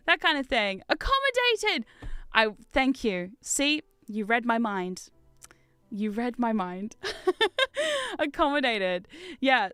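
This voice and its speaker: A woman's voice: fairly high pitch, fairly bright tone, clear, resonant tone, dry recording. A woman with a New Zealand accent, chatting frankly and casually on a livestream, laughing often and swearing now and then. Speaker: livestream host. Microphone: studio condenser mic.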